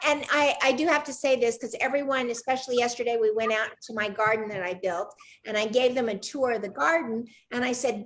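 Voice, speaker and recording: A woman's voice: fairly high pitch, a bit bright. Chatty woman hosting a cooking chat. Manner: chatty storyteller, asks eager follow-up questions. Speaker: cooking show host. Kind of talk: casual video-call chat. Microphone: video call.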